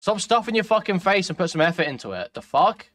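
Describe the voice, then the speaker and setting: A man's voice: high-pitched, sing-song, fast, a bit bright. A man doing live-stream reaction commentary, ranting and profane with a sardonic edge.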